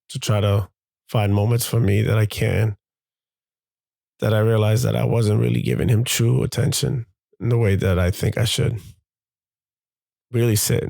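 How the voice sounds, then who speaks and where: A low-pitched man with a gravelly, mellow voice speaks openly as a father reflecting on his own life. He talks in a halting, confessional way, circling back and repeating himself as he searches for words. The sound is close and dry. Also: no echo. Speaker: father and show host. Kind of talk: candid reflective monologue.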